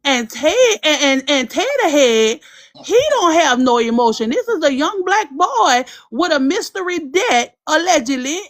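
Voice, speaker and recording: A woman's voice: sits high, very animated, a little slow. A woman, hosting a livestream and talking in a blunt, impassioned, profane way. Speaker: livestream host. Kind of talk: emotional livestream commentary.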